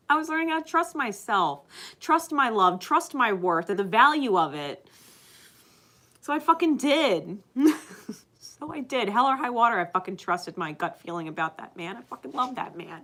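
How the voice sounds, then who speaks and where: Woman reader talking straight to camera, loose and profane, laughs a lot, bright voice. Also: on the high side, sing-song, normal speed, long pauses. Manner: emphatic, swears constantly, laughs often. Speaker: spiritual card reader. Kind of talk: casual unscripted monologue to viewers.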